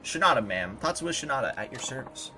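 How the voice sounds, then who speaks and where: Man voicing an easygoing guide, wry, understated, bright voice. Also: mid-range voice, sing-song, brisk, slight background noise.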